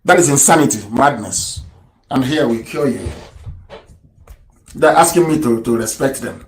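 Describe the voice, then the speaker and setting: A man delivering an impassioned political radio broadcast, firing rhetorical questions and swinging between shouts and low mutters. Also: moderate pace. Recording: roomy echo.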